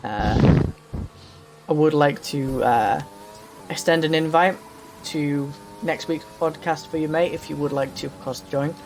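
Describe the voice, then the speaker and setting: A man's voice: fairly high pitch, measured pace, noisy background. A man hosting a casual podcast, joking and laughing often while he drives a practice lap, his throat a little dry. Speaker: podcast host. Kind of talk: casual banter while sim racing.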